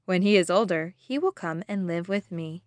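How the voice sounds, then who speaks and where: Gentle young princess, read by a woman. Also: fairly low pitch, normal speed, no room sound, close to an everyday voice. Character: kind young princess comforting a baby.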